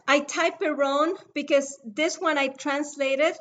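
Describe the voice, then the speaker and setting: A woman's voice: sits high, steady tone, slow. A middle-aged woman with a foreign accent, patiently teaching oil mixing over a video call. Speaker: essential oil mixing instructor.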